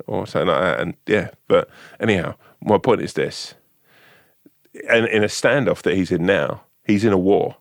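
A podcast co-host with a low, gravelly voice tells long, jokey, rambling stories at a moderate pace, swearing casually throughout the chat. The studio sound is clean, with no room sound.

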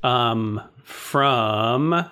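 A man's voice: mid-range voice, very slow, pushed and bright, smooth. A man co-hosting a podcast, reading the welcome and sponsor notes and trading dry quips. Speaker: podcast co-host. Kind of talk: casual chat with scripted intro.

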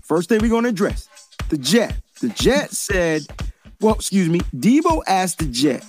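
A man hosting a casual sports chat show, animated and joking, heavy on slang. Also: sits high, a little slow, soft background music. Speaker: podcast host.

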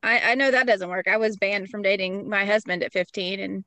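A woman's voice: mid-range voice, a little fast, pushed and bright, no echo. A woman co-hosting a podcast, reacting to a story with wry, joking comments in casual chat. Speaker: podcast co-host.

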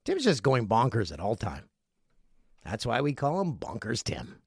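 Lively, playful podcast host. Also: male voice, medium pitch, a little slow, vocal fry, slightly rough, no echo, clean studio sound. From Canada. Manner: playful, jokey, lively delivery. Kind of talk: casual podcast monologue reading listener messages. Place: home studio.

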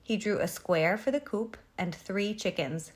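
With a measured pace and medium pitch, a woman gives an animated, expressive read-aloud of a children's picture book.

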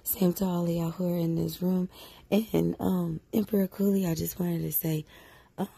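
A woman with a very low, gravelly voice speaks earnestly to a chat-room host. Her tone is dark and husky, and hoarseness makes her voice cut in and out. The sound is dry and close. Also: little pitch movement, dry recording. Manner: earnest, grateful, measured. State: voice cutting in and out, hoarse. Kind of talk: casual thanks to the host.

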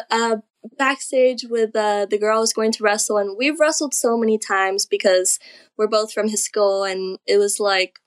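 Young female guest, somewhat high voice, laughs often, talks with lots of "like". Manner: giggly, fills speech with "like". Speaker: guest, pro wrestler. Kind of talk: casual interview storytelling.

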